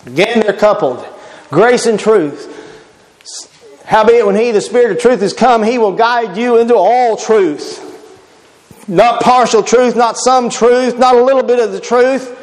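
High-voiced preacher in an echoing hall. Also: male voice, measured pace. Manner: emphatic, repeats key words, quotes scripture. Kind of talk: sermon.

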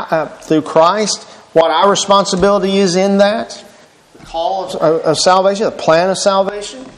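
A man preaching a sermon, reading scripture aloud and expounding it slowly and deliberately. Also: fairly high pitch. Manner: slow, deliberate preaching, reads verses aloud and expounds them. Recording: long hall reverb.

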